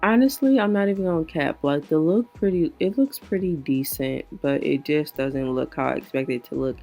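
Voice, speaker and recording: A young woman talks through her makeup steps in a relaxed, slangy voice-over. Her morning voice sits low and gravelly, with a lot of fry. Faint music plays behind her. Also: normal speed. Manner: chatty and slangy, correcting herself often. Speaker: beauty vlogger. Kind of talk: casual voice-over for a makeup tutorial.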